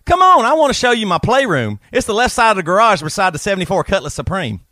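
A man's voice: sing-song, quick pace, bright, forceful tone, full character voice. A man hamming up Travis, a crude Southern redneck. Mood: crude, boastful. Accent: Southern US, South Carolina. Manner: exaggerated drawl, high and hammy.

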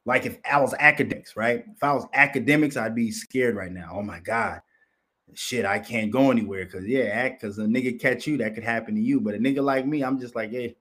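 A man's voice: medium pitch, quick pace, few pauses, fairly bright tone. A man hosting a commentary show, talking in a rambling, profane monologue and slipping into mocking voices. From Minnesota, United States.

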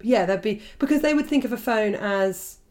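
A woman's voice: on the high side, normal speed, darkish tone. A woman co-hosting a casual podcast over a video call, teasing and giggly as she tells stories. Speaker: podcast co-host. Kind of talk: casual chat.

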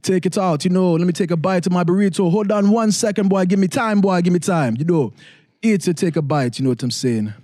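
A man's voice: high voice, a little fast, warm tone, no room sound, natural voice. Goofy Jamaican-accented customer put on by a man, raised voice, dry close sound. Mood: playful. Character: goofy man ordering at a drive-thru, playful.

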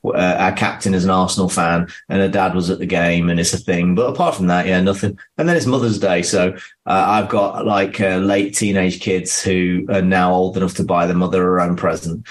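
Male sports-science pundit, 40s, lowish voice, lively and stop-start. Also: moderate pace. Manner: animated, restarts mid-thought. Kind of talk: casual chat and explanation.

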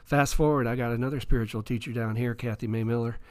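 A fast-talking man with a medium-pitched voice is an author being interviewed in a studio. He recounts his story with animation and acts out the quoted dialogue.

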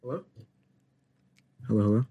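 A man's voice: on the low side, expressive, normal speed, breathy edge, phone-quality sound. A man co-hosting a casual podcast chat, joking around, swearing freely and laughing often. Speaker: podcast co-host.

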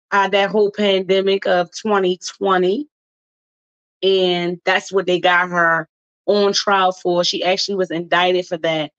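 Mid-range and fairly bright, her voice comes through with the highs cut off. She hosts casual talk radio out of Baltimore, Maryland, talking in a Baltimore accent with a loose, slangy, chatty style and lots of laughter.

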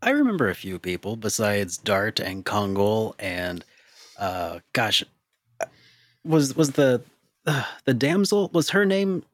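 A man's voice: lowish voice, big pitch swings, slow pace, no echo, clean studio sound. A man co-hosting a casual podcast chat, rambling and hedging as he thinks aloud.

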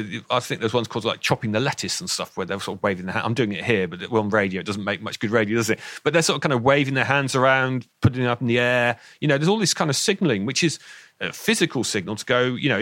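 A man's voice: mid-range voice, bright, forceful tone, dry recording. Southern English man, dry studio sound. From southern England. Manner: enthusiastic, explanatory, repeats words when starting sentences, laughs now and then. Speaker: expert guest on voice and speech. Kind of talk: radio interview. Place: radio studio.

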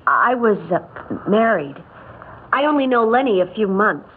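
An actress playing a quiet, weary young mother who speaks softly and hesitantly in an old radio drama. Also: medium pitch, sing-song, a little slow. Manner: soft-spoken, hesitant. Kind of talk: 1950s radio drama acting. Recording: tinny old radio broadcast with faint hiss.

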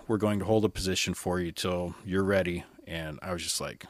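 A man's voice: low-pitched, steady tone, brisk, a bit bright, no room sound. A young man, a firefighter and podcast guest, telling his story candidly and casually, quoting what others said to him.

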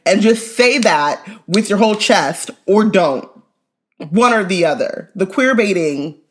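A woman's voice: medium pitch, animated, unhurried. A woman co-hosting a podcast in casual chat, emphatic and often laughing. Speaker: podcast co-host.

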